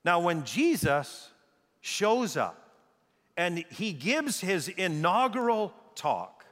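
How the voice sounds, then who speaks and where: A middle-aged American pastor preaches with a bright, forceful tone and a pitch that climbs and dips with feeling. He leans on key phrases, slows right down and repeats them for weight. His voice rings out in a church hall with a long reverb. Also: big pitch swings. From United States. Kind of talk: sermon.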